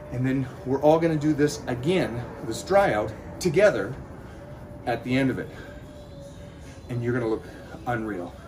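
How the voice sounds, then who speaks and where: A man's voice: fairly high pitch, a little mellow. A man talking to his viewers in a motivational vlog while doing cardio, out of breath and rallying them to push on. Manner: pep-talk, addresses viewers directly. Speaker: fitness vlogger.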